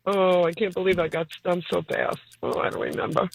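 A woman's voice: on the low side, steady tone, brisk, vocal fry, no room sound, rough recording. Flustered New York woman caller. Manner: laughing, flustered. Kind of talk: phone-in call.

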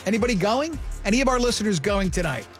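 A wisecracking male radio host with a notably high voice, bantering loosely with his co-hosts. Faint music plays under his studio mic. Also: lively intonation, fast, fairly bright tone. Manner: wisecracking, joking.

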